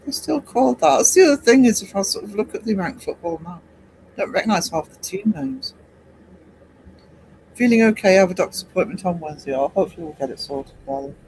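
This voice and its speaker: An English man in his fifties hosting a casual late-night livestream, rambling and hesitant with many pauses. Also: sits high, lively intonation, a little mellow, a little hiss or hum, low-quality recording. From England. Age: 50s. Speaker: livestream host.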